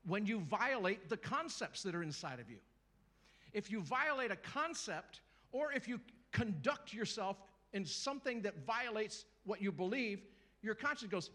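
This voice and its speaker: Middle-aged man, guest preacher, husky voice, lively swooping pitch, jokes and calls out to the congregation. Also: moderate pace. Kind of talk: sermon. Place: church in front of a congregation.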